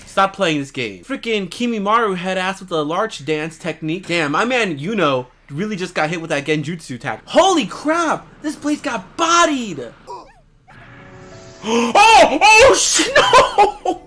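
Young guy yelling at anime, super high bright voice, swings all over the place. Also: moderate pace, few pauses, faint music behind. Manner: excitable, shouts and laughs at the screen; slangy casual talk. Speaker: anime reaction YouTuber. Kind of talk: live reaction commentary.

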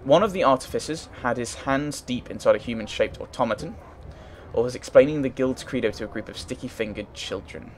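A man's voice: mid-range voice, brisk, slight background noise. A man playing a story game, reading its text aloud and thinking aloud in casual, hesitant commentary. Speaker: let's play gamer.

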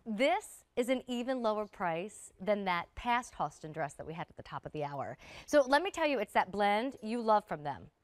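A woman hosting a live home shopping show, chatting warmly and gushing about clothes to viewers. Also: medium pitch, dry recording. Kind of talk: live TV sales pitch.

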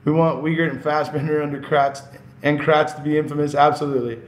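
A man's voice: a little high, flat delivery, a little fast, slight background noise. A man hosting a casual live stream, reading chat messages, laughing often and getting passionate when he rants. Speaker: livestream host. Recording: roomy echo.

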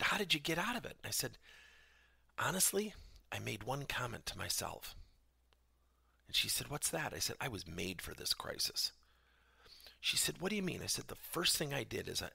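A man's voice: on the low side, gravelly, bright, forceful tone, husky, no room sound, clean studio sound. A middle-aged man, a business coach hosting a podcast, tells a story and acts out both sides of a conversation.

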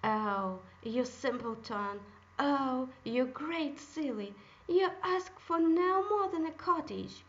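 A woman's voice: expressive, slow, a bit bright, muffled recording. A woman voicing a greedy, scolding old peasant wife who raises her voice in anger. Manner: shrill scolding.

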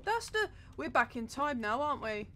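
Young woman, streamer, higher voice, nervy and foul-mouthed commentary, faint hiss behind. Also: very animated, moderate pace, fairly bright tone. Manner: jumpy, nervous running commentary, heavy swearing. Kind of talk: horror game let's-play commentary.

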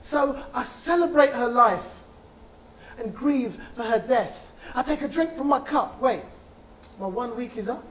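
A man, a bereaved father, giving a conference talk and reciting a spoken-word poem with rhythmic, impassioned delivery and dramatic pauses. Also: very high-pitched, a bit bright, a little hiss or hum.

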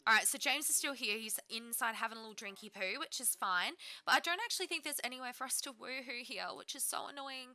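A woman's voice: a little high, fast talker, hardly any pauses, bright, forceful tone, no echo. A woman giving bubbly, chatty let's-play commentary, often talking to her game characters. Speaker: gaming YouTuber.

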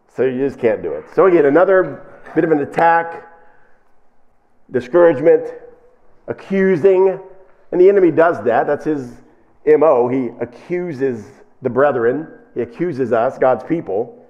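A man preaching a sermon, lively and animated, who acts out the people in the story in raised voices as he reads and explains scripture. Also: on the high side, lo-fi sound. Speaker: pastor.

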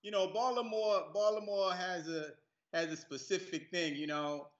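A man from New York City, a guest actor telling stories in a relaxed, casual interview, often laughing. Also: high-pitched, normal speed, reverberant, lo-fi sound. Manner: laid-back, laughing storyteller.

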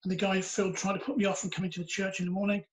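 A man's voice: high-pitched, level tone, racing, poor audio. A man recounting a personal story in an earnest, reflective way during a church interview. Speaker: interviewee sharing his testimony.

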